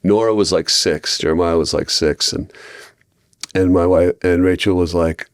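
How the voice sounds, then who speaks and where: Low-voiced man telling stories in a rambling way. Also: normal speed, no room sound. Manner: rambling, with many restarts and animated quoted voices. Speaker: podcast guest in recovery. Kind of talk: casual podcast storytelling.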